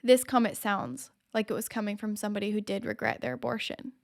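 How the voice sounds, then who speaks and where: A woman's voice: mid-range voice, steady tone, fairly quick, vocal fry. A woman hosting her own show, delivering impassioned, emphatic opinion commentary straight to the viewer. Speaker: show host.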